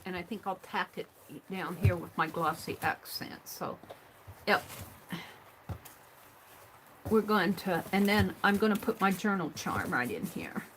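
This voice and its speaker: A woman's voice: on the low side, expressive, a little slow, pauses often, a bit bright, a little hiss or hum, rough recording. A woman hosting a live craft stream, thinking aloud as she works, trailing off and murmuring under her breath. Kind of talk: live craft stream, talking while working.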